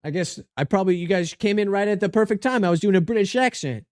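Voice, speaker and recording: A man's voice: sits high, fast talker, darkish tone, dry recording, studio quality. A man talking casually to his livestream chat, goofy and joking as he reviews game cards.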